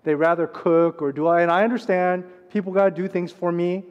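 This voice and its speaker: A pastor preaching a sermon, swinging between loud urgent passages and hushed quiet ones. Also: male voice, high-pitched, steady tone, fairly quick, clear, resonant tone, highs cut off. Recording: long reverb of a large hall.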